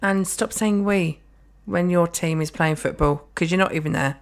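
This is a woman in her thirties with a slightly low voice, co-hosting a chatty podcast. She rants in a joking, sweary way. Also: moderate pace. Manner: ranting, sweary, jokey. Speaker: podcast co-host. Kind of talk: casual chat.

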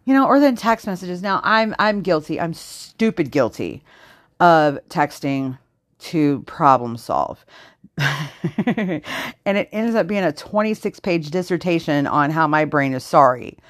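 A woman's voice: sits low, animated, dry recording, clean studio sound. A woman hosting her own unedited podcast, ranting with heavy swearing and sudden jumps between exasperation and sarcasm. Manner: profane, fast-shifting, venting with heavy swearing. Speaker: podcast host. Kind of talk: unedited solo podcast rant.

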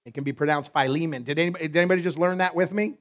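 A male pastor preaching a sermon in a playful, joking manner with quick asides to the congregation. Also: a little high.

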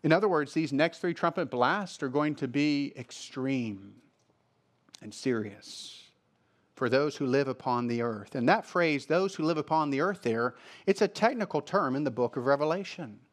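A man's voice: fairly high pitch, lively intonation, normal speed. A male pastor preaching a sermon, reading scripture aloud and explaining it, repeating phrases for emphasis.

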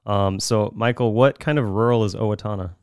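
Man, podcast host from Minnesota, smooth clear voice, dry close sound, chatty and laughing. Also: lowish voice, brisk, a little mellow, dry recording. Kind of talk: casual podcast chat.

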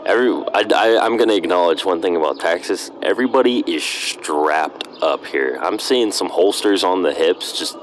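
A young man with a very low, deep voice and a Pittsburgh accent, chatting casually as a podcast guest. He jokes bluntly and ribs his friend. A faint hiss sits under his voice. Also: animated, normal speed, few pauses. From Pittsburgh, Pennsylvania. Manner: joking, blunt. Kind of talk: casual chat.

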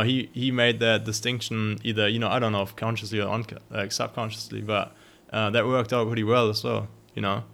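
Male interviewer, lowish voice, hesitant, filler-heavy questions. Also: creaky, a bit bright. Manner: hesitant, many fillers and restarts. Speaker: podcast host. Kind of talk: interview conversation.

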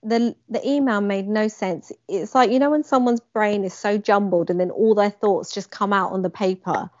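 A young woman tells a personal story, bringing scenes to life as she describes them. Her voice sits at an average pitch. The recording is dry and slightly muffled. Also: moderate pace, no echo. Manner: animated, acts out quoted lines with emphasis. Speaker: guest. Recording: dry, slightly dull lo-fi sound.

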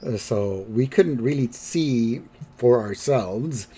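A podcast host chatting his way through a cartoon episode recap. He rambles and corrects himself as he goes, in an ordinary mid-pitched male voice. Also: lively intonation, slow, warm tone, breathy edge.

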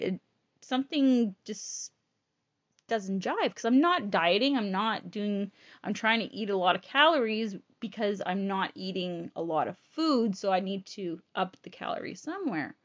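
A woman's voice: medium pitch, muffled recording. A woman casually telling a personal story, frank and rambling, swearing freely. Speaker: storyteller sharing personal illness experience.

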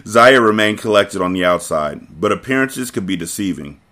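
A man's voice: on the low side, expressive, moderate pace, fairly bright tone. A man hosting a podcast, reading a novel aloud casually and breaking off to joke and comment.

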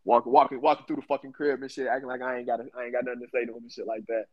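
A man's voice: medium pitch, flat delivery, rapid-fire, dry recording, highs cut off. A man casually telling a profane, slang-filled story about his family on a podcast.

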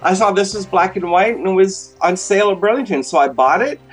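A man's voice: high voice, a little fast, faint music behind. A man hosting a casual chat and teasing his guest with dry, comic jokes. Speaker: host.

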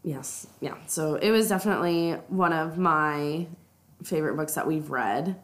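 This low-pitched female co-host takes her time, unhurried, while casually discussing a book on a podcast. She retells the story at length, and the recording has a noticeable echo.

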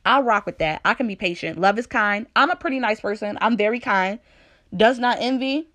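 Candid woman sharing her faith. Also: fairly high pitch. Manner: candid, animated, conversational, with playful asides; reads scripture slowly and deliberately. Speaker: speaker sharing a faith testimony. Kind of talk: personal devotional talk.

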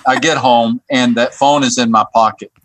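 A man who works on a church staff tells a personal story as a guest. He talks haltingly, repeating words and restarting his sentences. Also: mid-range voice, fairly even intonation, background noise. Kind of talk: telling a personal story on a podcast.

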